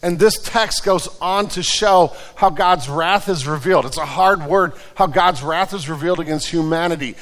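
Man, pastor, sermon, high voice, conversational, repeats and restarts, echoing sanctuary. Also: normal speed, hardly any pauses, fairly bright tone. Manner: conversational preaching with repeated restarts and told anecdotes.

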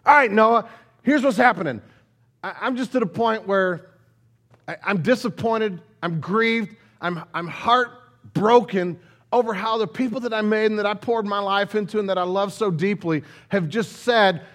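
A man's voice: high-pitched, moderate pace, fairly bright tone. A man doing God, heartbroken and casual. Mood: grieved. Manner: casual, conversational, stammering. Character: God, grieved and heartbroken, speaking plainly.

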